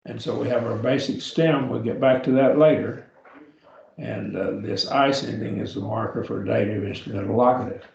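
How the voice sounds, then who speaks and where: A man teaching a beginning Greek grammar class, patient and slow, sounding words out syllable by syllable for his students. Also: medium pitch, steady tone, vocal fry, a little mellow, roomy sound, muffled recording. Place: church classroom.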